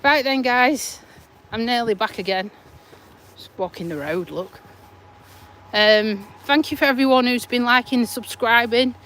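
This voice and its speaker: An English woman with a fairly high voice chats slowly and teasingly as she walks outside. She talks into a phone held in her hand and sounds a little out of breath. Faint traffic hums behind her. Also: fairly bright tone. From England. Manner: chatty, teasing, laughs often. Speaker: vlogger. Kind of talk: casual live-stream chat. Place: outdoors on a roadside footpath. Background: passing traffic.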